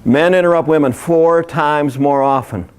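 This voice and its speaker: A man with a fairly high voice presents a workshop to a live audience. He is upbeat and playful, tosses in jokes, and pulls the crowd in with direct questions. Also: normal speed, smooth. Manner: lively, joking, engages the audience directly. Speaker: workshop speaker.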